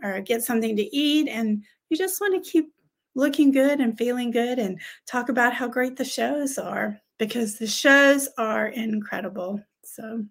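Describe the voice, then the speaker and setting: A bubbly American woman co-hosting a relaxed chat show. Her fairly high voice carries a gravelly fry, and she laughs often between chatty, filler-strewn thoughts. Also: a little slow. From United States. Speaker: co-host. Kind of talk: casual chat show conversation.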